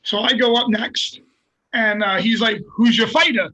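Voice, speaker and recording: A middle-aged man, a fighter, telling a story in a casual, profane and animated way and laughing at himself. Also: high-pitched, normal speed, lo-fi sound. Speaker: guest, MMA fighter.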